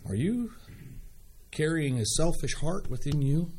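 Animated folksy preacher man. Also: a little high, unhurried, pauses often. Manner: folksy and animated, acting out scripture voices. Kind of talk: sermon with Bible reading.

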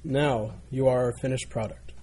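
A man voicing a patient, kind potter who gently explains why he shaped the teacup. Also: mid-range voice, steady tone, moderate pace, husky, lightly acted. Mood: gentle.

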